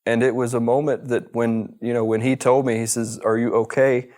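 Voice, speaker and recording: A man's voice: mid-range voice, flat delivery, normal speed, darkish tone. A middle-aged man from the United States, telling his own story as an interview guest in an earnest way, often repeating words. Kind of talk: personal storytelling.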